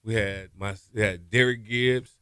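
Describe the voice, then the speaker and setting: A man's voice: measured pace, clean tone, no room sound, clean studio sound. A middle-aged man, a former quarterback telling stories in a casual interview and acting out what people said. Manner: animated storyteller, acts out quotes with raised pitch, laughs often. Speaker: former college quarterback, guest.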